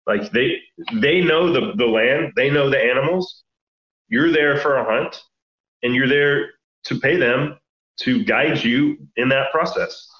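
A laid-back man chats as a podcast guest, telling easygoing stories at a middle pitch. His voice sounds roomy, as if picked up in an echoing space. The recording is dull and lo-fi. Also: measured pace. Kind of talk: casual chat.

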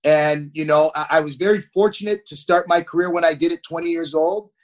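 A man in his thirties, a hockey player telling stories as a podcast guest, animated and acting out what people said. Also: a little high, fairly quick. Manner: animated, acts out quotes. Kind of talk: podcast interview, storytelling.

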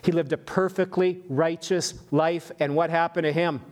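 Animated man preaching a sermon. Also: on the high side, normal speed. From western Canada. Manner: lively, animated, with frequent restarts and repeated words. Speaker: pastor.

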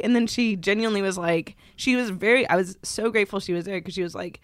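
Podcast co-host, woman, mid-pitched, chatty storyteller who acts out quotes; dry, close recording. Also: quick pace, hardly any pauses, no echo. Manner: animated storytelling, acts out quotes in higher voices. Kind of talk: casual chat. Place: podcast studio.

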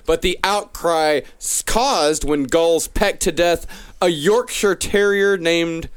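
A man's voice: on the high side, slow pace, clean tone. A man hosting a casual comedy panel chat, reading news items aloud and riffing on them. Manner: reads news items aloud, then riffs. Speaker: host.

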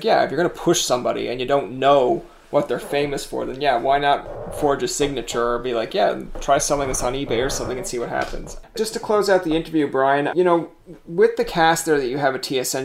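A man's voice: medium pitch, vocal fry. A man hosting a podcast interview, chatting in a rambling, teasing way. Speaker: podcast host. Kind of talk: casual interview chat.

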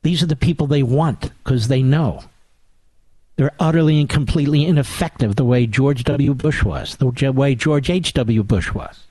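A man's voice: medium pitch, moderate pace, a little mellow, breathy edge, dry recording. A man hosting a political talk radio show, delivering a combative, sarcastic monologue.

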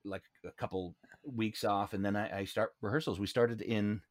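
A man's voice: moderate pace, no room sound, studio quality. A Broadway actor being interviewed, telling stories casually and acting out quoted lines with big jumps in his voice. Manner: animated, acts out quotes with big pitch jumps.

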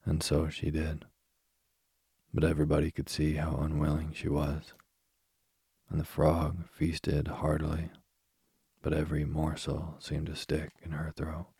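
A man narrating a bedtime story softly and soothingly, close to the mic. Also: very deep voice, monotone, gravelly, breathy edge, no room sound. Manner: slow, soft-spoken, soothing.

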